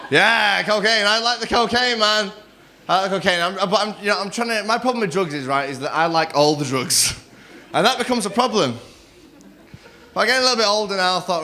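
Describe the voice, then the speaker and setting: A man's voice: high voice, animated, fairly quick, pushed and bright. A man doing a brash, rowdy stand-up set on a comedy club stage, working the crowd on a handheld mic. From Manchester. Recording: live comedy club with audience noise.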